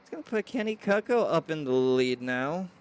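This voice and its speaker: A man doing excitable play-by-play race commentary with hiccups, reading viewer chat aloud. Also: a little high, moderate pace, clear, resonant tone.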